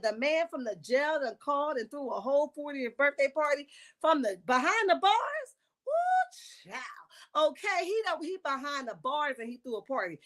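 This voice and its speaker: A woman, recapping a reality show on a casual livestream with sassy, animated asides. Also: high-pitched.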